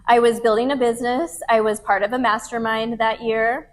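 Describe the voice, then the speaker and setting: Her voice sits on the high side with little pitch movement, and she talks at a normal speed. This thirtysomething podcast host and retreat leader shares an open, personal story with a live audience, keeping it relaxed and direct.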